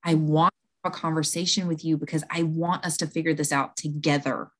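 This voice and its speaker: A woman's voice: sits low, flat delivery, brisk, fairly bright tone. A woman in her thirties, a conversation coach, explaining earnestly in a podcast interview and acting out quoted lines.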